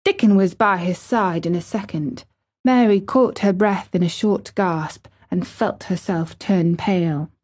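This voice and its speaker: Slow, measured woman narrating a book. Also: on the low side, a little mellow, husky. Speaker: audiobook narrator. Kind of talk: audiobook reading.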